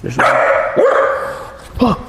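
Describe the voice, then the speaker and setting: A young man streaming from home with his pets, excitable, jumping between high shrieks and low mutters. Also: slow. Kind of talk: casual livestream chat. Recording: echoey room, faint background noise.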